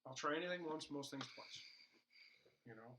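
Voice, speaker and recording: Guy on a podcast just riffing, bright kinda tense voice, faint hiss behind him. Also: a little high, moderate pace, low-quality recording. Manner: rambling and jokey, with many fillers and restarts. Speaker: podcast co-host. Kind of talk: casual chat.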